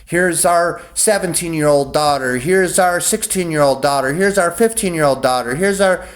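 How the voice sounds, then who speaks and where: A man's voice: on the high side, normal speed, pitched above the performer's own voice, lightly acted. A man briefly voicing a scheming medieval lord who eagerly lists off his daughters.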